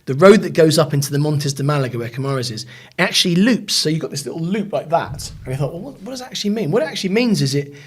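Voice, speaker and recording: A man's voice: a little high, animated, quick pace, hardly any pauses, breathy edge. A man co-hosting a podcast, chatting casually and telling anecdotes. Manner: storytelling, chatty. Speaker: podcast co-host. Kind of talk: casual chat.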